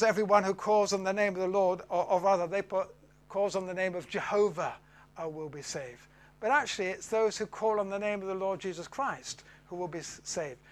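A man with a fairly high voice gives a Bible teaching talk. He pauses often with fillers, and his voice drops off at the end of each phrase. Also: a bit bright. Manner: hesitant, many fillers, voice falls away at phrase ends.

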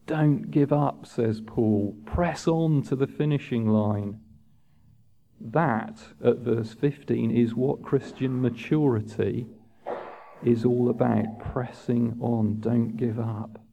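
A man preaching a sermon in a measured, earnest way, lifting his voice for emphasis. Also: mid-range voice, steady tone, gravelly, mellow, slight background noise. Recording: dull lo-fi sound.

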